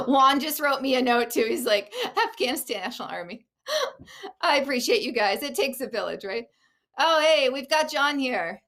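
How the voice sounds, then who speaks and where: A woman's voice: high-pitched, a little slow, fairly bright tone. A woman hosting a live talk show, chatty and casual, often laughing and reacting to viewer comments. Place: Oregon.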